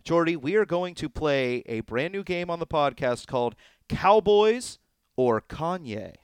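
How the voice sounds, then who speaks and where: A man hosting a casual podcast, running a quiz game with a playful, teasing manner and drawn-out announcements. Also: fairly high pitch, smooth. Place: indoors, on location in Texas.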